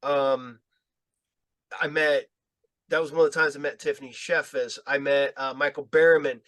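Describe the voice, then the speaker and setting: A guest filmmaker with a medium-pitched voice chats on a podcast at a moderate pace, with no echo. He tells casual stories, swearing freely, laughing, and getting animated as he retells them.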